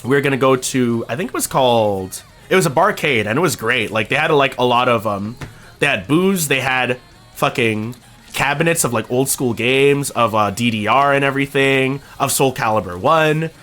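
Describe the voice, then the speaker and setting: A young Canadian guy chats with his stream audience at a normal pace, soft music behind him, spinning a casual story. He curses offhandedly, stays animated, and voices quotes with dramatic swings in pitch.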